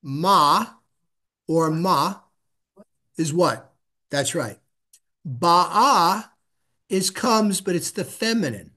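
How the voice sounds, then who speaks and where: Middle-aged man, slightly higher voice, unhurried tutor sounding out letters patiently. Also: animated, bright, forceful tone. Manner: patient, repeats syllables slowly for the student to echo. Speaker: Hebrew reading teacher. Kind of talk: casual one-on-one reading lesson.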